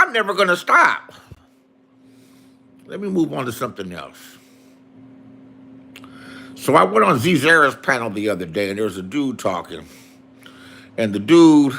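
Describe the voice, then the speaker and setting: Guy going off on a profane rant, high bright voice, keeps repeating insults. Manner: angry, profane, repetitive insults. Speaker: online streamer.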